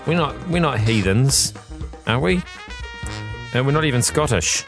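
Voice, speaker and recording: Gravelly New radio co-host. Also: male voice, mid-range voice, expressive, a little slow, music in the background. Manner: dry, self-deprecating. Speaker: radio co-host and news presenter. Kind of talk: casual radio banter. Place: radio studio. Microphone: close studio microphone.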